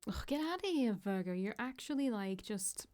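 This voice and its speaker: A woman's voice: on the high side, expressive, moderate pace, a little mellow. Chatty woman gaming streamer. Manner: chatty, laughing asides, swears freely. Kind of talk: casual let's-play commentary and reading.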